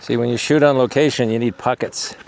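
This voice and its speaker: A man's voice: mid-range voice, fairly even intonation, a little fast, gravelly, a little mellow. Man coaxing dogs outdoors, noisy. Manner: coaxing, affectionate baby talk to dogs. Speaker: animal rescuer. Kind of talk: casual talk to dogs and camera. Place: outdoors at an animal sanctuary.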